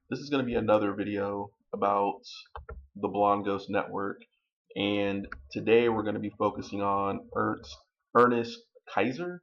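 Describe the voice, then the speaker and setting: A man hosting a video, chatting casually with lots of ums and relaxed restarts. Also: fairly low pitch, dull audio. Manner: relaxed, many fillers. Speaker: video host. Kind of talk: casual chat.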